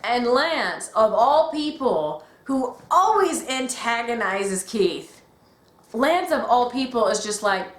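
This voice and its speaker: A woman's voice: fairly high pitch, slow pace. Gushing woman in a roomy room. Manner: excitable, gushing, often acts out quotes. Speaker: podcast co-host. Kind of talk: casual fan discussion.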